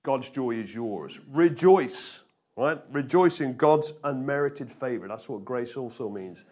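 A pastor preaches to his congregation with energy, pressing them for answers and leaning hard on repeated phrases. His voice sits at an ordinary middle pitch for a man. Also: unhurried. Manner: energetic, call-and-response with congregation, emphatic repetition. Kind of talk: sermon.

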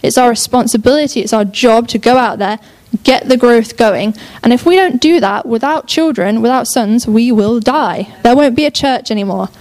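A young woman with a darkish, higher-leaning voice preaches at normal speed, barely pausing. Chatty and full of enthusiasm, she frequently breaks off and picks her thoughts up again.

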